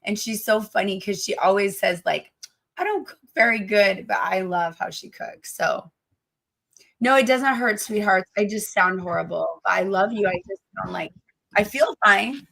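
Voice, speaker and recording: A woman teacher hosting a casual livestream, hoarse from damaged vocal cords, gushing and affectionate with her viewers. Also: medium pitch, moderate pace, a bit bright.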